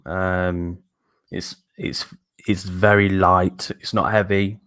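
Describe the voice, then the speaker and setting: Deep-voiced laid-back man. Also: flat delivery, slow pace, fairly bright tone, clean tone. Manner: laid-back, short agreeing replies. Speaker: fragrance reviewer. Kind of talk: casual chat.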